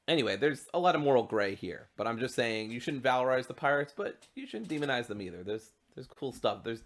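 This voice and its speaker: A young man talking casually over a game, chatty and animated, rambling with ums. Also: fairly low pitch. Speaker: streamer. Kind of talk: casual gameplay commentary.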